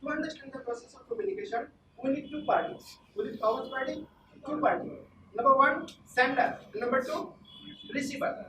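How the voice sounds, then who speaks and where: A woman's voice: high voice, fairly quick, sharp tone. A woman giving a classroom lecture, repeating her points and quizzing the class. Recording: echoey room, far from the mic, noisy.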